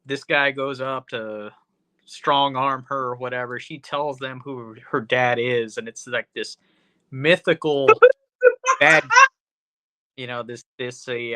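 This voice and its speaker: A man's voice: mid-range voice, pushed and bright, dry recording. A man hosting a podcast, recapping a movie in a rambling, profane, casual way full of "you know". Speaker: podcast host.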